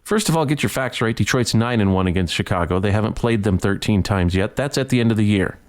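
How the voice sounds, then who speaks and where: A man's voice: lowish voice, animated, fast. Heated man ranting on a sports podcast. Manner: heated, repetitive, stumbling over words. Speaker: podcast host.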